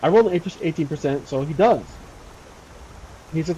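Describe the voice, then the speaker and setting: A man's voice: a little high, expressive, moderate pace, mellow, lo-fi sound, a little hiss or hum. Casual man narrating a solo roleplay game. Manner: rambling, casual, many fillers. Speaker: solo tabletop role-player.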